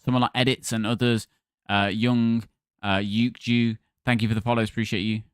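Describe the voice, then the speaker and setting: A man's voice: mid-range voice, flat delivery, normal speed, clean tone, dry recording, studio quality. Chatty man streaming games. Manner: chatty, thanks followers by name. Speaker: livestream gaming host. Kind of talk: casual livestream chat with viewers.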